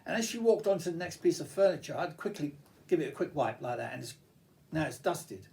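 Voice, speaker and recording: An older man rambles through personal memories, his pitch rising and falling a lot. His voice sits a little high for a man, and he restarts sentences often as he digresses. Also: very animated, brisk, creaky, a little mellow. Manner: reminiscing, digressive, frequent restarts and fillers. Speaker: vlogger.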